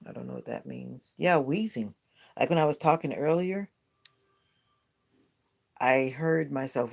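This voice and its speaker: A man's voice: medium pitch, vocal fry. A man hosting a casual morning live stream from home, rambling and chatty, often correcting himself mid-sentence. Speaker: live stream host and content creator. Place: at home in the morning, near a window with bird feeders.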